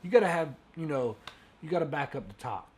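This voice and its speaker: A man's voice: on the high side, expressive, a little fast, a little hiss or hum. A young man hosting a casual chat, teasing his co-host and laughing often. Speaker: podcast host.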